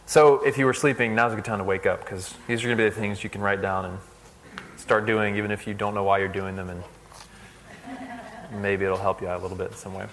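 A young man giving a casual, conversational sermon. He uses lots of "like" and tells stories in an animated way. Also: lowish voice, quick pace, slight background noise. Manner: conversational, fillers like "like", animated storytelling. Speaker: speaker at a church service.

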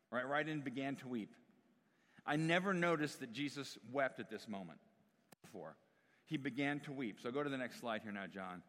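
A man's voice: mid-range voice, normal speed, fairly bright tone. Man preaching a conversational sermon. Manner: conversational, asks the congregation questions. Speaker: pastor. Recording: long hall reverb.

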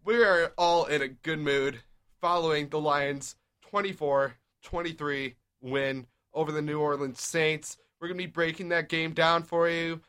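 A man's voice: on the high side, bright, forceful tone, clear, resonant tone. Upbeat young man hosting sports talk. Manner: upbeat, leads the conversation with quick recaps. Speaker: podcast host. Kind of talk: casual sports talk show.

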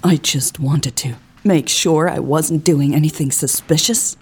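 A woman's voice: deep voice, unhurried, a little mellow, husky, full character voice. A woman reading the lines of a grieving, hostile woman in an audiobook, sneering and confrontational. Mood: bitter, accusing.

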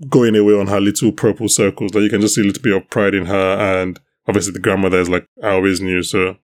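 A man's voice: fairly low pitch, level tone, fast. A man hosting a podcast, chatting casually and rambling, with many restarts. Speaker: podcast host. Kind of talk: casual chat about a TV show.

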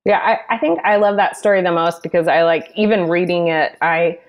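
A woman's voice: on the low side, steady tone, fairly quick. A woman hosting a podcast, asking her guest questions in a loose conversational way. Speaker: podcast host.

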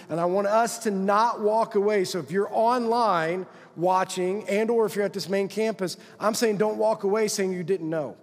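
A man's voice: high-pitched, in a large hall. A male pastor preaching a sermon in a church, talking conversationally and checking in with the congregation with constant tag questions. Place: church sanctuary.

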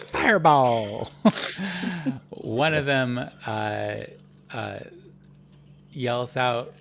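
A man narrating as game master of a tabletop game, describing the scene in a halting, drawn-out way. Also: mid-range voice, creaky, fairly bright tone, slight background noise.

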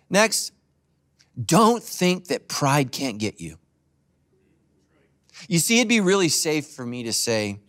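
Lively, humorous male preacher. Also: on the high side, slow, pauses often. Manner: animated, humorous storytelling preacher. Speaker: pastor. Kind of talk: sermon.

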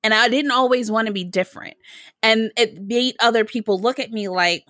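A woman's voice: fairly high pitch, moderate pace, fairly bright tone, no room sound, clean studio sound. A woman from Michigan hosting a podcast interview, chatting casually and drawing on her own stories. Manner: upbeat, reflective, draws on personal stories. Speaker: podcast host.

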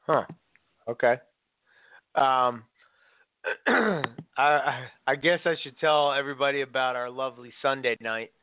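A man's voice: medium pitch, unhurried, pauses often, smooth, no echo. A man chatting casually, telling a long story with lots of fillers and restarts. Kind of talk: casual chat. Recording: dry, tinny phone-like sound.

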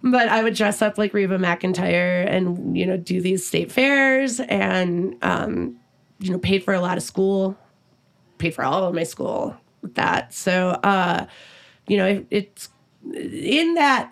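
Gravelly, blunt middle-aged woman. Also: mid-range voice, slow. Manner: blunt, profane and laughing often. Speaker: musician guest. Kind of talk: casual interview chat.

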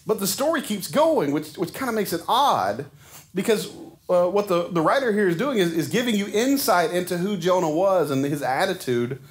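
A man preaching a sermon in a conversational way, often putting rhetorical questions to his congregation. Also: high voice. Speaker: pastor.

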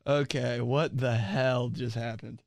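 A man's voice: medium pitch, fairly even intonation, takes it slowly, creaky, no echo. A young man from Indiana, a podcast host riffing comedically on his own in a small studio and rambling with many fillers.

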